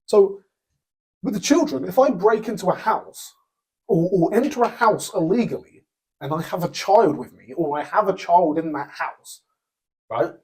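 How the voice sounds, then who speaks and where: A man hosts a podcast with a blunt, opinionated monologue, stumbling over restarts and fillers as he goes. His voice is husky and sits a little higher than most men's. He keeps checking in with a quick "right?". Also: lively intonation, darkish tone. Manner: blunt, repeats "right?" as a tag question; halting, with many restarts and fillers. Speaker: podcast host.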